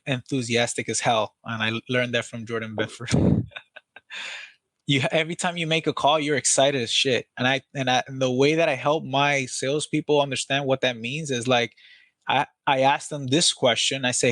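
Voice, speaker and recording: A man talking as a podcast guest about training salespeople, energetic and blunt, swearing casually in relaxed chat. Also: mid-range voice, moderate pace, no echo.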